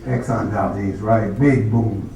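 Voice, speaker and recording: Man, storyteller, animated, acts out other people's voices, recorded from far off in a big echoing hall with faint room noise. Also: fairly low pitch, takes it slowly, a faint crowd. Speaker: speaker telling his life story. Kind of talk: storytelling talk.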